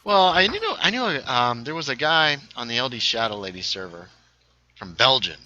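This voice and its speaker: A man's voice: medium pitch, very animated, brisk, bright, forceful tone, muffled recording. A young man casually chatting while streaming a game, a little tipsy, rambling with lots of fillers. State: slightly tipsy. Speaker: livestreamer. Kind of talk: casual gaming stream chat.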